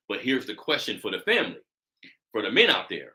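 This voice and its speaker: A man hosting a casual podcast, animated, calling his listeners family and laughing easily. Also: fairly low pitch, fairly quick. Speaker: podcast host.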